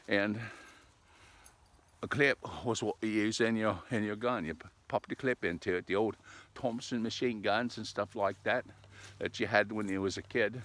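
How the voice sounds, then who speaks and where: A man's voice: fairly low pitch, animated, moderate pace, fairly bright tone. A middle-aged man chatting casually while out walking his dogs, in a folksy, meandering way, often tagging lines with "eh?". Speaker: vlogger. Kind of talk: casual rambling chat.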